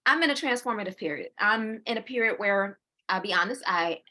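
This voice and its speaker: A bright, lively woman in her forties chats casually as co-host, her tone crisp and forward. She repeats words as she gathers her thoughts. She laughs often and acts out her own inner voice mid-sentence. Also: medium pitch, brisk. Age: 40s. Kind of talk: casual chat.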